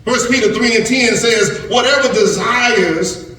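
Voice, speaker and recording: A man's voice: very high voice, a little slow, sharp tone. A man preaching a sermon to young people, repeating words and restarting phrases as he goes. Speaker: pastor. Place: church sanctuary. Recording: very echoey church sanctuary from far off.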